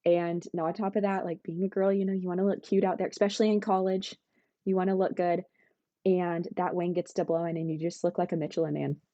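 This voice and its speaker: A woman's voice: lowish voice, flat delivery, brisk, mellow, no room sound. A young woman guest in a casual chat, giggling and filling her talk with "like". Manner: giggly, lots of "like". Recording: dull dry sound.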